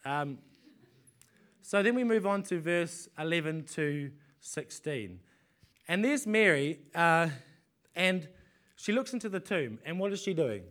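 A man's voice: on the high side, lively intonation, a little slow, long pauses, a bit bright. A man preaching a sermon in a conversational way, often repeating words as he restarts and asking the congregation rhetorical questions.

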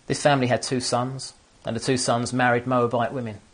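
Earnest preacher, halting restarts. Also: male voice, mid-range voice, flat delivery. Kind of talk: sermon. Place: empty church room. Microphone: camera on stands.

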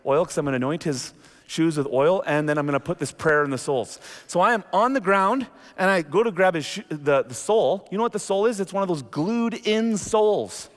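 A middle-aged male pastor preaching in a church sanctuary. His voice sits a little high and carries a long hall reverb. He tells his story with animated, lively energy. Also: fairly quick. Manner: animated storytelling, jumps into acted quotes. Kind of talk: sermon.

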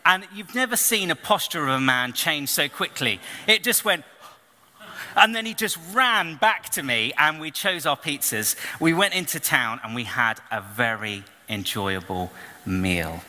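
A man preaching a storytelling sermon, animated and acting out the people in his story. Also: on the high side, a little slow. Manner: animated storyteller, acts out voices and shouts. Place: church hall. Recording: long reverb of a church hall.

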